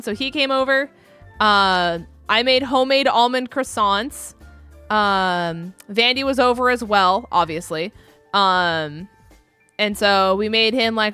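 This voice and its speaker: A woman's voice: medium pitch, sharp tone, clean tone. A young adult woman chatting casually with her live-stream audience, rambling with many ums and likes.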